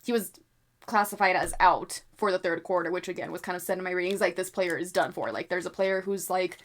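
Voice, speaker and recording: A young adult woman reading tarot cards for sports predictions in a casual chat to her viewers, animated, swearing freely and often apologizing. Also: lowish voice, brisk. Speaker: tarot reader predicting basketball games.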